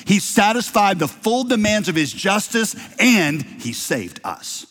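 A man preaching a sermon as pastor, emphatic, swinging from loud bursts to hushed low lines. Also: big pitch swings, a little slow. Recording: long reverb of a large hall.

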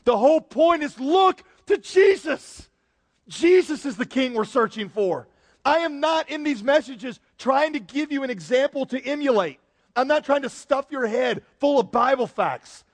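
A man preaching a sermon as pastor, swinging from quiet, slow emphasis to loud bursts. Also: very high voice, lively intonation, big-room sound.

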